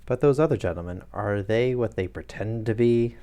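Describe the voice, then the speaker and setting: A man's voice: lowish voice, normal speed, mellow, lightly acted. A man reading as a nervous, frightened fat man. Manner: nervous, pleading.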